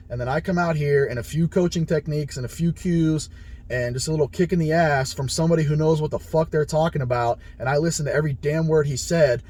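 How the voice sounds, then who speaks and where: A man's voice: on the high side, darkish tone. A man casually telling a story about his training, blunt and heavily profane, acting out the conversations he had. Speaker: powerlifter sharing his experience.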